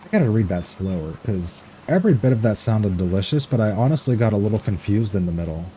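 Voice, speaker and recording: A man's voice: on the low side, sing-song, fast, warm tone, slight background noise. A man streaming a farming game, chatting casually, reading chat aloud, swearing freely and laughing easily.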